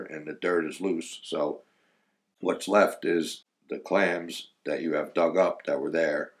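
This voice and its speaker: A man casually recounting his days digging clams, rambling with fillers and laughing through his stories. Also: deep voice. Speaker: former clammer recalling old times. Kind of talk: casual storytelling chat.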